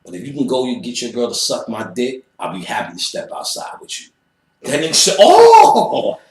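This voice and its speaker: With a medium-pitched, fairly bright voice and lively intonation, a man briskly tells an animated, profane story in an interview, imitating voices and making sound effects. The recording has a roomy echo.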